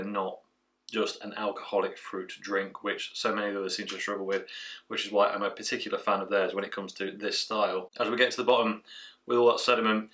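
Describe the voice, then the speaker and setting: Lowish, bright-toned man reviewing beer. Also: far from the mic. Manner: chatty, rambling, trails off with fillers. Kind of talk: casual tasting review.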